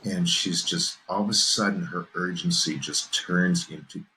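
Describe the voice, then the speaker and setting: A man's voice: sits low, steady tone, a little slow, pushed and bright, a little hiss or hum, low-quality recording. A man hosting a podcast, telling a spooky personal story in casual chat, building suspense and checking in with his listener. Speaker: podcast host.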